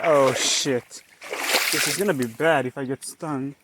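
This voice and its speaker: Background noise accompanies this fairly high-pitched young man as he vlogs by a pond in the woods at normal speed. He has an Eastern European accent, rambles casually, and lets out playful yelps and exclamations while holding the camera himself.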